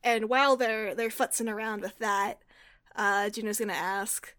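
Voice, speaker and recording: A woman's voice: medium pitch, steady tone, moderate pace, fairly bright tone. A woman playing a tabletop game, describing her character's actions in a chatty way. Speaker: player. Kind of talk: casual narration of play.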